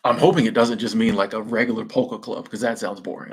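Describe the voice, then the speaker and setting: A young man with a lowish, slightly rough voice talks fast with barely a pause. He's hosting a live stream, reading viewer comments and chatting casually in slang while laughing at his own jokes.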